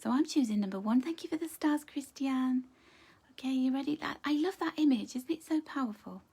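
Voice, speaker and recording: A woman's voice: high voice, animated, fairly quick, husky. Encouraging woman doing a card reading. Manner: gentle, encouraging, chatty, greets viewers by name. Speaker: angel card reader. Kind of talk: live pick-a-card reading.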